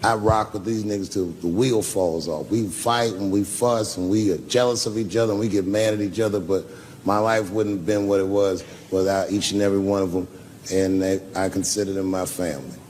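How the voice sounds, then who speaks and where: A man's voice: low voice, fairly even intonation, brisk, darkish tone, slight background noise. A man performing a stand-up routine on a club stage, telling profane, loose stories and bantering with the crowd. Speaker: stand-up comedian. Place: comedy club stage with live audience.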